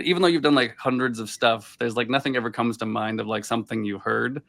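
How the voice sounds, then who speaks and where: A man's voice: medium pitch, steady tone, fast, creaky, fairly bright tone. A man from Boston, a voice actor guest, telling rambling anecdotes in a casual interview over a video call. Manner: rambling anecdotes full of filler "like".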